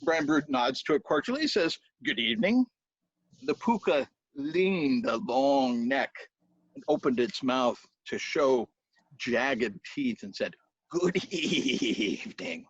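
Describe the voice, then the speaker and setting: Animated husky male storyteller. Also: medium pitch, a little slow, no echo. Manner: animated, with spoken sound effects. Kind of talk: live folk tale storytelling. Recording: dull dry lo-fi recording.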